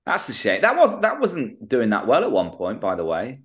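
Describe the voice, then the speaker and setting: Male co-host, animated lively intonation, casual and bouncy. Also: medium pitch, moderate pace. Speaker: podcast co-host. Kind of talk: casual podcast chat.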